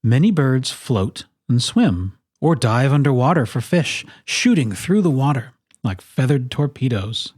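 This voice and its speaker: A storyteller reading a children's picture book aloud, with expressive, playful emphasis on its lists. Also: mid-range voice, a little slow, few pauses, slightly rough, no echo, clean studio sound.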